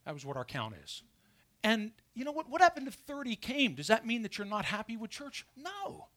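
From a church pulpit, a male pastor with a very high voice preaches at a moderate pace. His animated sermon is peppered with rhetorical questions put to the congregation.

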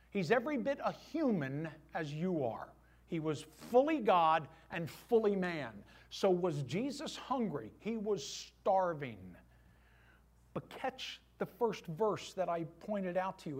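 A middle-aged pastor delivers a sermon in church in a high voice that swings widely in pitch, darkish in tone with a breathy edge. Along the way he acts out small voiced asides.

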